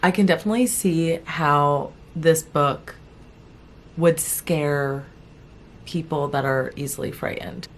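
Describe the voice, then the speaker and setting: A young woman vlogging about a book she is reading, talking to her viewers in a chatty, animated way and laughing often. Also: low voice. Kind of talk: casual chat to camera.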